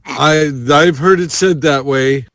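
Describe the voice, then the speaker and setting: A man's voice: fairly high pitch, slow pace, a bit bright. A man co-hosting a podcast in casual chat, stumbling over repeated words as he jokes. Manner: hesitant, repeats words while joking. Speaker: podcast co-host.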